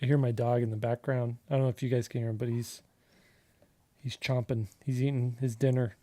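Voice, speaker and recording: A man's voice: mid-range voice, level tone, fairly quick, dark tone, no room sound. Casual rambling man streaming while drawing. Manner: rambling, storytelling with many fillers. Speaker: artist livestream host.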